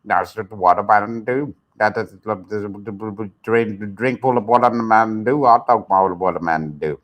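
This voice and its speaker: A man's voice: on the low side, a little fast. A South African man hosting a reaction show, joking and laughing in loose casual commentary. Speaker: host.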